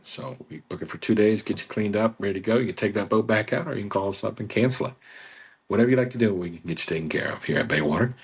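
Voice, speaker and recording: Low, husky-voiced man selling on radio. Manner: chatty, salesy, repeats phone number. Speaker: boat club staff on radio. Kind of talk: casual radio sales talk. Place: radio studio.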